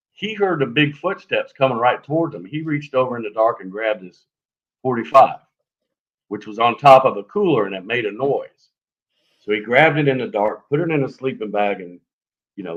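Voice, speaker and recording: A man telling a story on a live show in a lively, animated way, acting out sounds as he goes. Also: medium pitch, lo-fi sound. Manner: animated, lively retelling with fillers and sound effects. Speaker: guest telling an encounter story.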